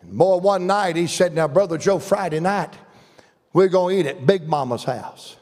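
A man's voice: sits high, moderate pace, a little mellow. An older man with a Southern American accent, preaching a folksy, humorous revival sermon in a church. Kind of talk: storytelling sermon. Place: church sanctuary. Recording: long church reverb.

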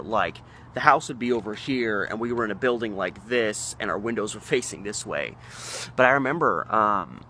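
A man in his thirties from Oregon tells a childhood story in a loose, rambling way, full of ums and restarts. His voice sits fairly low, and he gets more animated when he reaches the exciting parts. A faint background noise runs under the recording. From Oregon, USA. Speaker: local history vlogger. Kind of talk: casual storytelling.

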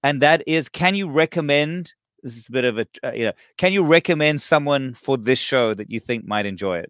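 A man's voice: mid-range voice, animated, a little fast, few pauses, fairly bright tone, no room sound. Male podcast host, eager, effusive, dry close recording. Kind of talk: casual interview chat.

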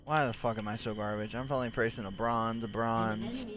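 A man's voice: medium pitch, fairly even intonation, fairly quick, very noisy. A young man playing a video game while he streams, swearing and mocking his own play in casual profane chat. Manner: frustrated, swearing, self-mocking. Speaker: gamer streaming himself. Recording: game music behind. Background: game music.

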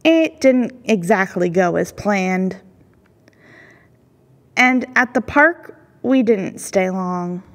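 A woman reading a children's picture book aloud at a library storytime, calm and steady. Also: medium pitch, slow, long pauses, in a large hall.

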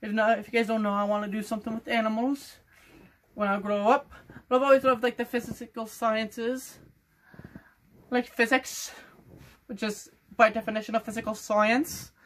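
A man's voice: sits high, steady tone, normal speed, a bit bright. A sixteen-year-old boy vlogging casually to camera, rambling and playful in a loose made-up accent. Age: teens. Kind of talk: casual vlog talk to camera.

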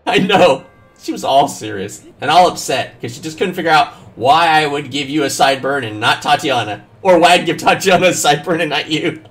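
A man streaming a video game, chatting casually and telling joking, profane stories while he plays. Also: on the high side. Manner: joking, profane, animated storytelling. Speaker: gaming streamer. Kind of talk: casual gameplay commentary. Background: faint game music.

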